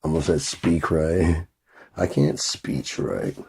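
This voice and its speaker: A man's voice: extremely low pitch, lively intonation, slow pace, vocal fry, darkish tone, husky. A man vlogging in a rambling, profane, casual monologue, laughing often at his own stories.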